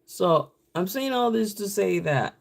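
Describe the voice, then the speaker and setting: Slow, gravelly man telling a story on a live stream. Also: sits high, animated. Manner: rambling, storytelling. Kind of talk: casual live-stream chat.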